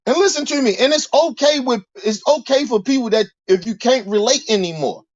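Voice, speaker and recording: A man's voice: very high voice, brisk, no room sound, dull audio. A man delivering a heated, profane monologue rant, preaching and repeating himself as he builds his points. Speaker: commentator.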